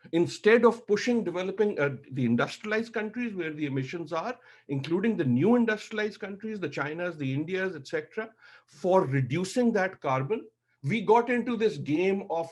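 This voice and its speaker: A man's voice: high-pitched, animated, moderate pace, darkish tone. A middle-aged man giving impassioned panel remarks, emotional and emphatic, hammering points through repetition.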